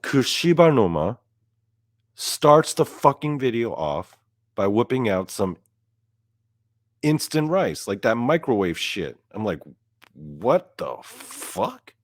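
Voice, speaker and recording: A young man ranting in a comedic podcast monologue, profane and climbing higher and louder whenever he gets outraged. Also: big pitch swings, slow pace, long pauses, no echo. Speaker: podcast host.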